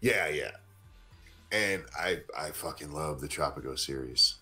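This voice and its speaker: Deep-voiced blunt, swearing man. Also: a little slow, sharp tone, soft background music. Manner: blunt, profane. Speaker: guest. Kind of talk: casual livestream chat.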